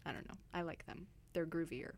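A woman's voice: low voice, a little fast, vocal fry, slight background noise. A woman co-hosting a casual studio chat, rambling through stories with frequent laughs. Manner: giggly, rambling storyteller. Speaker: radio co-host. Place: radio studio.

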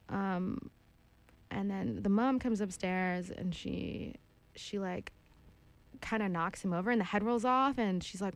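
A young woman casually retelling a dark fairy tale, lively and jokey with slangy asides. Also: medium pitch, takes it slowly, clean tone, no room sound. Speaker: storyteller.

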